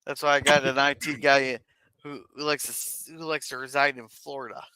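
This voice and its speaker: A man hosting a casual livestream, reading viewer messages aloud in a chatty, halting way. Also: mid-range voice, steady tone, bright, forceful tone, clear, resonant tone, dry recording. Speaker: stream host reading chat.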